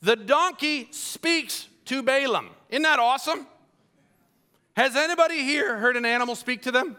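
A man preaching a sermon to a congregation, telling the story with lively asides and acted-out voices. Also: very high voice, moderate pace, smooth. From Colombia. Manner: animated storytelling, acts out voices.

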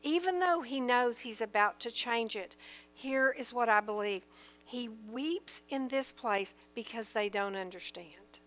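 A woman's voice: on the high side, a little slow, fairly bright tone. A woman teaching from the Bible in an earnest, emphatic sermon style, reading verses aloud and explaining them.

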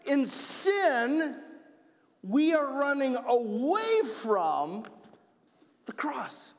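A man from Wisconsin giving an energetic children's message in church, playful and repeating himself to keep the kids with him. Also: extremely high pitch, very slow. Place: church sanctuary. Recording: long church reverb.

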